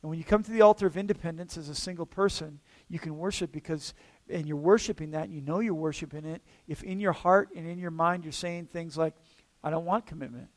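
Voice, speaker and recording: A man preaching a conversational sermon as pastor, often checking in with listeners with a quick "okay?" or "all right?". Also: on the high side, fairly even intonation. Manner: casual, checks in with the room with frequent "okay?".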